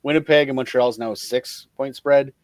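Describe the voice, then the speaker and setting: A man co-hosting a sports podcast, making quick, offhand remarks in casual talk. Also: mid-range voice, fairly even intonation, no room sound. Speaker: podcast co-host.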